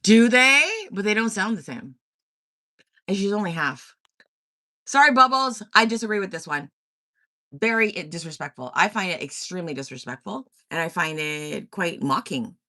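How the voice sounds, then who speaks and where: A woman from Korea chats on her livestream in a lower voice whose pitch leaps and swoops. She is blunt and swears freely as she answers comments. The sound is close and dry. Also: lively intonation, normal speed, pushed and bright, no room sound. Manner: blunt, profane, opinionated. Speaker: livestream host. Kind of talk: casual livestream chat reading comments.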